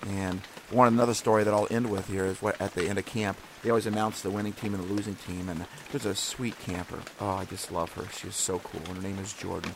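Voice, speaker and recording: Earnest, rambling man with low voice. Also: flat delivery, fast talker, creaky, hardly any pauses, noisy background. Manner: rambling, earnest, encouraging, with many restarts. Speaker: podcast host. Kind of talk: casual devotional talk.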